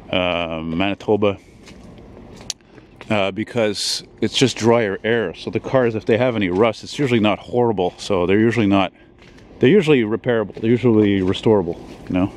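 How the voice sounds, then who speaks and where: A man's voice: lowish voice, fairly even intonation, normal speed, a little hiss or hum. Rambling, cursing man on a walk. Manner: rambling, profane, chatty with many fillers. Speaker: vlogger. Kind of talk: casual walking vlog. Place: outdoors on a city street.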